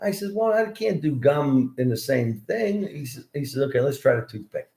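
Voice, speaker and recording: A man's voice: medium pitch, animated, moderate pace, creaky, warm tone, echoey room. A man, a guest actor, telling behind-the-scenes stories in a casual, anecdotal way, often checking in with "right?". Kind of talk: casual storytelling.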